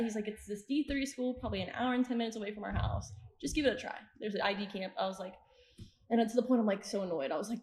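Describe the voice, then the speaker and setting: A woman's voice: mid-range voice, fast, darkish tone. Chatty young woman, roomy sound. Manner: chatty, retells scenes with quoted asides and frequent laughs. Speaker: podcast guest, soccer coach. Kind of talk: casual interview storytelling. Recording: roomy echo.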